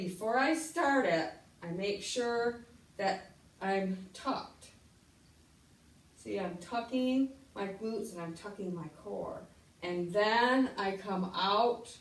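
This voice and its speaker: Winded middle-aged woman walking thru a workout move, slow, echoey room, mic kinda far. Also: medium pitch, slight background noise. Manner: slow, instructive, counting out moves. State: getting winded. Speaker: fitness instructor. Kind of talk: exercise demonstration. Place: room while exercising.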